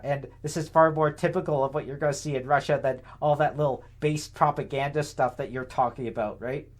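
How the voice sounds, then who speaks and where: A young man with a somewhat high voice talks through political commentary in a loose, unscripted way. He rambles, leans on fillers and tag questions, and sounds sarcastic and indignant. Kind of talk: casual commentary monologue.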